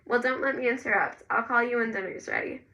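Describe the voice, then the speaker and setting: A woman's voice: a little high, fast talker, bright, forceful tone, recorded from a distance. A woman voicing a pleasant middle-aged mother who admires a boy's new haircut. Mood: pleased.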